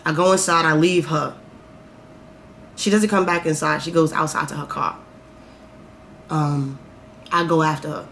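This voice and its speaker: A woman's voice: sits low, fairly even intonation, unhurried, gravelly, pauses often, a bit bright, a little hiss or hum. A woman vlogger telling a story in a candid, profane, rambling way, full of fillers. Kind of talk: casual storytime.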